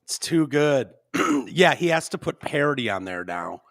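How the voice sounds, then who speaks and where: A man hosting a podcast in casual chat, halting with fillers and frequent throat-clearing. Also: medium pitch, big pitch swings, a bit bright, no room sound, studio quality. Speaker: podcast host.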